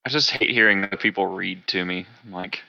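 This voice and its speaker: A man's voice: low-pitched, fairly quick, vocal fry, pushed and bright, muffled recording. A man co-hosting a podcast in casual chat, blunt and profane, laughing often. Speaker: podcast co-host.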